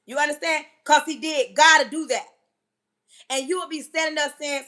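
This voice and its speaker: Female live-stream preacher: high, bright voice, emphatic, loud, full of rhetorical questions. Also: fairly even intonation, moderate pace. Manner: yelling and emphatic, banging on the table.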